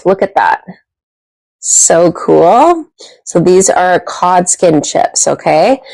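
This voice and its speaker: A bubbly, excitable woman hosting a live shopping stream, chatting and cheering on the prize wheel. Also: fairly low pitch, no room sound, poor audio. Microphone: clip-on microphone.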